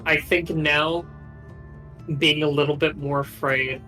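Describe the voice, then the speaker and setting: A man's voice: on the high side, steady tone, slow pace, sharp tone, faint music behind. A man playing a tabletop game, thinking aloud with lots of fillers and restarts. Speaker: player.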